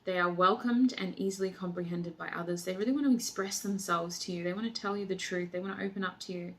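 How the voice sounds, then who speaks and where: A woman's voice: fairly low pitch, fairly even intonation, fast, slight background noise. Effusive woman reading tarot. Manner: effusive and emotional, often exclaiming and laughing. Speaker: tarot reader. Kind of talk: tarot reading, channeled messages.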